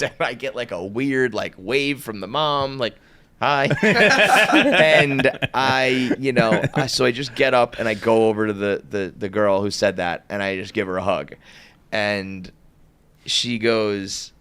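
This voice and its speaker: A man's voice: medium pitch, measured pace, pushed and bright. Rambling young man telling a story. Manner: rambling, lots of "like", laughs at his own story. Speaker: podcast regular telling a story. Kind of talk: casual storytelling on a podcast.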